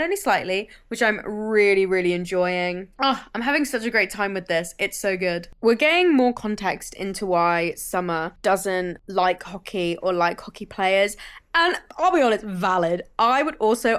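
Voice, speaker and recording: A woman's voice: mid-range voice, fairly bright tone, clean tone. A woman vlogging about books in a chatty, enthusiastic way, swearing freely. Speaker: book vlogger. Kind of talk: casual vlog chat.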